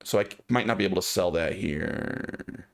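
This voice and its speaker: A man's voice: deep voice, moderate pace, gravelly. A man streaming a video game, giving casual commentary and chatting aloud to his viewers. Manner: chatty, musing aloud to chat.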